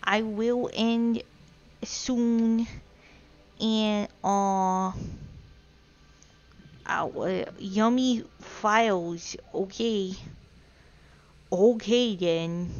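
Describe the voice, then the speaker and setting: A woman live-streaming a game, chatting playfully with her chat and breaking into loud, excited outbursts. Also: medium pitch, very slow, gravelly, long pauses, dull audio.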